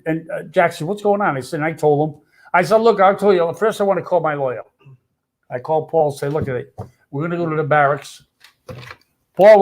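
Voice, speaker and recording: An older man tells his story bluntly, with a tough street manner and plenty of swearing. His voice sits somewhat high for a man. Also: a little mellow. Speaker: storyteller guest. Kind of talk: casual storytelling.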